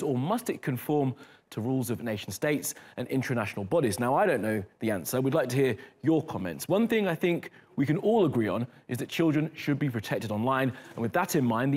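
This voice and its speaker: A man's voice: mid-range voice, a little mellow. A man hosting a daily news show, moving between stories in a conversational, lightly joking way and interviewing a guest. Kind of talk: studio news presenting.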